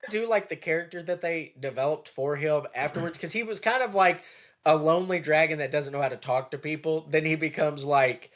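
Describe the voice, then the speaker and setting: A man co-hosting a casual anime podcast, talking in a loose, animated way and breaking into quick character impressions. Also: fairly high pitch. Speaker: podcast co-host.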